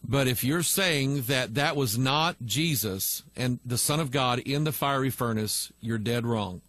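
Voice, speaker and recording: A man's voice: medium pitch, unhurried, fairly bright tone. A male pastor teaching online, reading viewer messages aloud and answering them bluntly and with emphasis.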